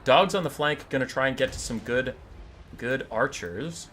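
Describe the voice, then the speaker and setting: Bright, irreverent male game commentator. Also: medium pitch, normal speed, a little hiss or hum. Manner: animated, irreverent, swears casually. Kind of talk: casual gameplay commentary and storytelling.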